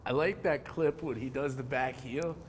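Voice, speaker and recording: A man from New in his forties speaks in a mid-pitched, easygoing voice, dropping curses constantly. He perks up when a story gets good. There is a faint hiss behind him. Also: moderate pace. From New Jersey. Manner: laid-back, swears a lot, animated when telling stories. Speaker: interviewee, pro skateboarder. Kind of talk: casual interview.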